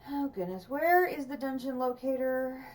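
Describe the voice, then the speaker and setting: A woman's voice: sits high, expressive, normal speed, a little mellow, distant mic. A woman streamer commenting on a game as she plays, thinking aloud and chatting to herself. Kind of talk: gameplay livestream commentary.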